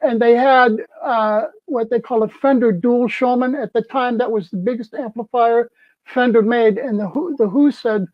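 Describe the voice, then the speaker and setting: A man's voice: very high voice, moderate pace, no echo. Older man telling a story, dull dry sound. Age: 70s. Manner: animated, acts out quoted people. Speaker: festival crew member. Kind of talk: casual storytelling.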